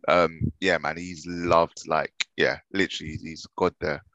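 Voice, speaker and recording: A man's voice: a bass voice, level tone, normal speed, pushed and bright, no echo, muffled recording. A man co-hosting a podcast, talking hesitantly with many fillers. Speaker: podcast co-host. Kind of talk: casual chat.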